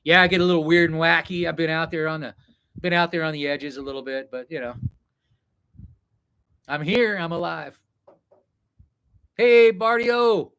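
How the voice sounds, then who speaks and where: A man's voice: fairly high pitch, fairly even intonation, fairly quick, pauses often, bright, forceful tone, clean tone. A man in the middle of a live stream, rambling to his viewers in a loose, meandering way. He drifts from one thought to the next and addresses the chat directly while getting packed. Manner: meandering, reflective, talks straight to chat. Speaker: travel vlogger on a live stream. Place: indoors, packing for a trip.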